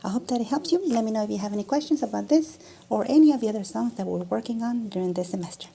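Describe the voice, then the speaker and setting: A woman's voice: fairly high pitch, very fast, vocal fry, mellow. A woman teaching a music lesson, demonstrating as she talks and often restarting her sentences. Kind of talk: instructional video lesson.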